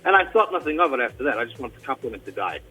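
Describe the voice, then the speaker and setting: A man from Australia, a tribute performer, telling a story in a casual radio interview, with an animated delivery full of restarts and a mild Australian accent. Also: mid-range voice, very fast, soft background music, low-quality recording. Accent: mild Australian, mostly hidden.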